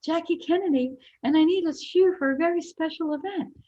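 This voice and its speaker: A woman voicing a breathy high-society woman calling on the phone, in a whispery voice. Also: brisk, dark tone, muffled recording. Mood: pleading.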